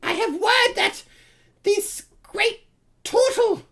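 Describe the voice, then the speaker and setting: A woman voicing a pompous, regal kobold chief, a small reptile creature who shouts grandly. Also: very high-pitched, slow pace, vocal fry, voice pushed up, full character voice. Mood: haughty.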